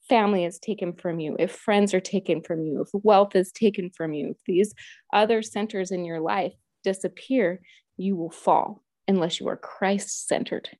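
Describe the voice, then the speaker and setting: Mellow, heartfelt woman telling her story. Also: mid-range voice, no echo. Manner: earnest and heartfelt, quoting her own prayers. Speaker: guest sharing a personal story. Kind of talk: emotional personal storytelling.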